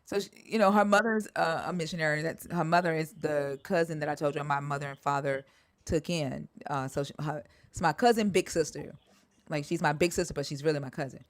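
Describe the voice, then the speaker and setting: A woman's voice: low voice, brisk. A woman in casual conversation, telling a story with lots of swearing and acted-out quotes. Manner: animated storyteller, swears freely, acts out quotes. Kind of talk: casual conversation about church experiences.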